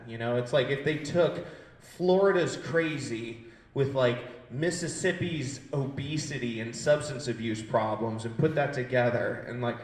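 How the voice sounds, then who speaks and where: A man's voice: mid-range voice, roomy sound. A man in his twenties doing a brash, profane stand-up set and riffing with the crowd. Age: 20s. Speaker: stand-up comedian. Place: gallery space used as a comedy stage.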